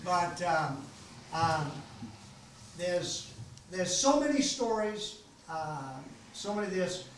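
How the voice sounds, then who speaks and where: A man's voice: sits high, lively intonation, takes it slowly, slight background noise. An older man with a Maine accent, hosting a storytelling gathering at a library and talking in a rambling, folksy way with many ums and restarts. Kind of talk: casual storytelling to an audience. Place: library meeting room. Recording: echoey room, voice from far off.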